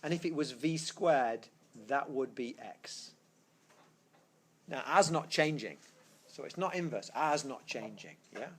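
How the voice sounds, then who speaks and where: In a classroom with students, a male physics teacher with a mid-range, animated voice explains concepts step by step at an unhurried pace. He thinks aloud and corrects himself as he goes, and his tablet screencast mic picks up slight background noise.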